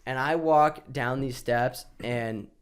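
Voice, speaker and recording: A man's voice: mid-range voice, takes it slowly, clean tone. A young man, a podcast co-host, telling a travel story in casual chat and acting out the people in it. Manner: animated storyteller, acts out other people's voices.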